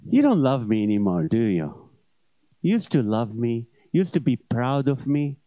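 A man's voice: high-pitched, expressive, moderate pace, no room sound, highs cut off. A man voicing his own stomach as a jilted, whiny male character who scolds and guilt-trips him. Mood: mournful. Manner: nagging, wounded, guilt-tripping.

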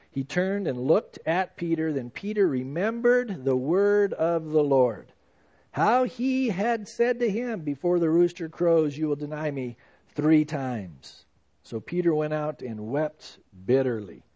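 Man, pastor, sermon, conversational preaching, "you know" asides, somewhat high voice. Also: a little mellow.

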